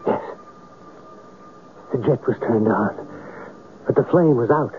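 An actor playing a writer who narrates his own tale in a radio drama, measured and wry. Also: mid-range voice, natural voice. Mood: narrating. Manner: measured storytelling, wry and evasive in talk. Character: middle-aged writer telling his own story. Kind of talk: 1970s radio drama acting. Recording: lo-fi old radio broadcast with faint hiss.

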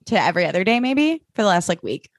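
A woman's voice: medium pitch, sing-song, quick pace, no room sound, studio quality. A young woman co-hosting a podcast, chatting casually and swearing freely as she laughs through an episode recap. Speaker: podcast co-host.

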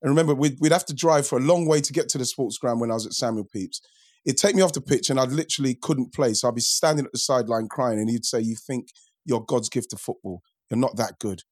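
A man talking through old memories in a relaxed podcast chat. He is reflective and repeats himself as he builds each story, and his voice sits at an ordinary pitch. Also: quick pace. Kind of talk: casual chat.

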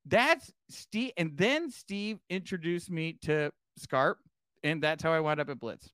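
A man's voice: a little slow, fairly bright tone, clean tone, no echo, clean studio sound. A young man, a podcast guest, telling a story with lots of cursing and acted-out quotes. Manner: swings pitch widely acting out quotes, curses freely. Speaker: podcast guest, former wrestling manager. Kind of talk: animated storytelling.

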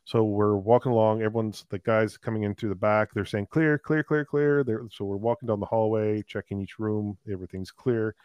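A man, a paramedic, telling a long call story in a casual, animated way, with many fillers. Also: on the low side, brisk, hardly any pauses, dry recording. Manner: animated, laughing anecdotes with filler words. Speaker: paramedic guest.

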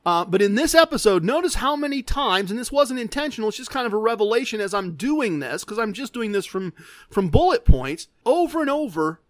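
A man's voice: high-pitched, very animated, a little fast, no echo. A man telling a casual story about a gambling table, wry and self-deprecating, acting out the dialogue of the people in it.

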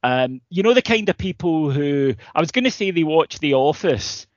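A man's voice: a little high, lively intonation, moderate pace, no echo, highs cut off. A man, co-hosting a podcast, telling stories and ranting in casual, sweary chat. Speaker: podcast co-host.

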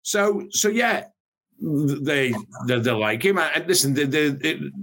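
A man's voice: fairly high pitch, expressive, a little slow, fairly bright tone. Hesitant male football pundit. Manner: hesitant, many restarts and fillers. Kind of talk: casual football chat.

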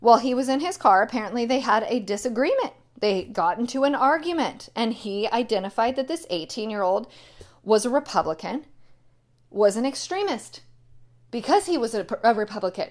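Woman ranting about politics, kinda high voice, hammers her points hard. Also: lively intonation, normal speed. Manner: indignant, emphatic, repeats key phrases. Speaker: political commentator. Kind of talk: opinion monologue.

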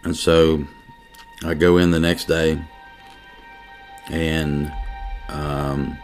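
A middle-aged man, a police detective, telling a personal story in an interview in an earnest, emotional way with halting restarts. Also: extremely low pitch, little pitch movement, faint music behind.

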